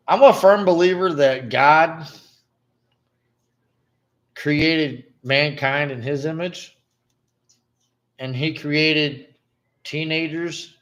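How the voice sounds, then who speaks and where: A man with a notably high-pitched voice talks in casual, profane chat. He vents bluntly and swears constantly, and he coughs now and then between stories. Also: fairly bright tone. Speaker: podcast co-host.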